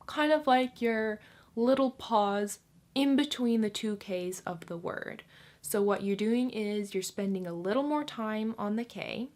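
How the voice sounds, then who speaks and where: A young woman giving a casual spoken lesson, chatty and repeating example words slowly and drawn out. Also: medium pitch. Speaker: language teacher.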